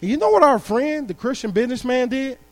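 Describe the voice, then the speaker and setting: A man's voice: very high-pitched, expressive, fast. A man preaching a sermon in a church, building to emphatic calls to the congregation. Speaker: guest preacher. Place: church sanctuary.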